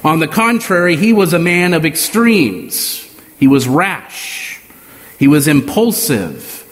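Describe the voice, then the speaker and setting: A male preacher delivers a sermon in a slow, measured way, leaning on pauses for emphasis. His voice sits a little high for a man. The sound carries a long reverb, as if from a church hall.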